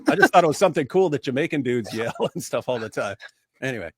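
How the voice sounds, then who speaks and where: A man's voice: mid-range voice, very animated, fast, slightly rough, dry recording, studio quality. A man chatting casually on a livestream, telling rambling anecdotes with lots of filler words. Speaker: co-host.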